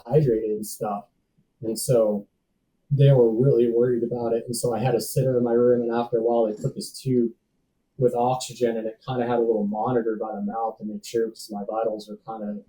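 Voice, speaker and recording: A man's voice: medium pitch, warm tone, recorded from a distance, slight background noise, low-quality recording. A man telling a personal story as a podcast guest, laid-back, acting out other people's lines. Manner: laid-back, acts out dialogue, says "dude" and "man" often.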